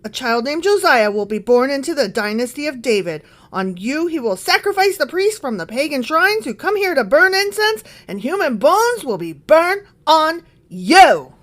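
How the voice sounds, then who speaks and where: A woman voicing a male prophet who shouts a doom prophecy in a loud, declamatory way. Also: high-pitched, very animated, normal speed, few pauses, pitched above the performer's own voice. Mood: proclaiming.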